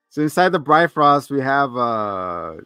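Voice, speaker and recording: A man's voice: mid-range voice, bright, forceful tone, smooth, no room sound. A man co-hosting a casual movie review podcast, joking around, laughing often and swearing freely. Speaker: podcast co-host.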